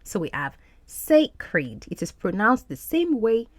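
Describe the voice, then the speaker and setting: A woman's voice: a little high, big pitch swings, normal speed, dry recording. A woman hosting a podcast English lesson, explaining film clips and repeating words for practice. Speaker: podcast host and English teacher.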